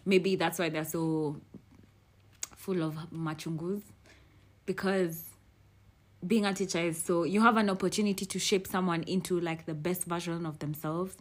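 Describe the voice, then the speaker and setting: A young woman, hosting a podcast in frank, animated casual chat and swearing freely. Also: on the low side, normal speed. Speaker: podcast host.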